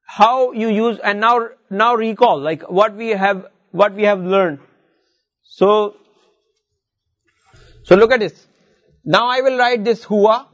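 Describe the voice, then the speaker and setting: High-voiced man teaching Arabic. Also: highs cut off. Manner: explains step by step, repeats words, reads Arabic verses aloud. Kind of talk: classroom lesson.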